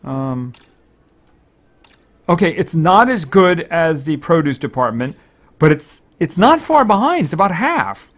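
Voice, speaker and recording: A man giving casual gameplay commentary, thinking aloud, excitable and fretting over each purchase. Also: fairly high pitch, measured pace. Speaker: let's-play commentator.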